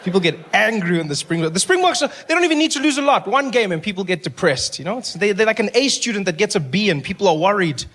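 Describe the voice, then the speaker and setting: High-voiced man doing stand-up. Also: fast, few pauses. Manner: animated storytelling, acting out characters in voices. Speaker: stand-up comedian. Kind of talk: stand-up comedy routine. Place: live comedy show on stage.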